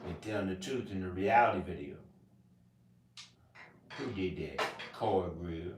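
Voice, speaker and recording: Man vlogging, slow rambling delivery, topic-hopping, off-mic in a roomy space. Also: on the low side, far from the mic, slight background noise. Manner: rambling, jumps between topics, sudden loud laughing outbursts. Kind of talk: rambling casual monologue. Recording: echoey room, voice off mic.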